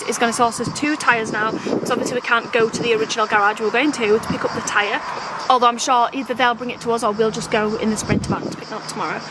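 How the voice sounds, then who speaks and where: A woman vlogging outdoors at a campsite, telling an exasperated story and acting out what people said. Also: fairly high pitch. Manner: animated, exasperated, acts out quoted dialogue. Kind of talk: casual vlog storytelling. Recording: outdoor phone video with traffic noise. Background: passing cars and outdoor ambience.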